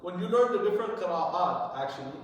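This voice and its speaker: High-voiced male teacher in an echoey room. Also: animated, brisk, distant mic. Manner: explains patiently, often checks with "right?". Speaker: Arabic teacher. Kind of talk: classroom lesson.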